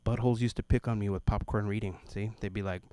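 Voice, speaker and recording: A man's voice: fairly low pitch, fairly even intonation, warm tone, smooth, no room sound. Man telling stand-up stories, dry sound. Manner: storytelling, quick voices for the people in his stories. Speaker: stand-up comedian. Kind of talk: stand-up set at an open mic.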